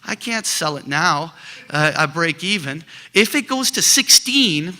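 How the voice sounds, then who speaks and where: A man's voice: fairly high pitch, heavily acted. A man playing a fretful small investor. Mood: regretful. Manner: excited then anxious inner voice, quick. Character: eager, fretful male retail stock investor.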